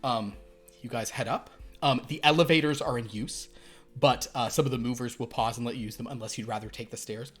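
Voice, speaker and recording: Man, game master, casual rambling narration, soft trailing delivery, faint background music. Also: mid-range voice, fairly quick, husky. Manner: meandering, casual descriptions that trail off softly.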